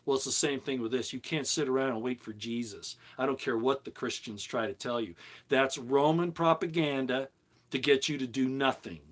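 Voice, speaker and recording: An older man talking casually to his viewers, rambling and telling stories, jumping between loud emphatic points and quiet asides. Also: mid-range voice, moderate pace. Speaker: video commentator.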